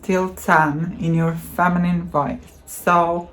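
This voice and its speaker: A woman teaching voice exercises, demonstrating hums and counting in a slow, patient way. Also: low-pitched, fairly even intonation. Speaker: voice coach. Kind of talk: voice training tutorial.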